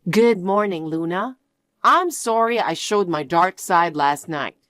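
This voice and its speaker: Woman voicing a soft apologetic mother. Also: lowish voice, lively intonation, measured pace, dry recording, clean studio sound. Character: middle-aged mother, softened and apologetic. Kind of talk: storybook narration.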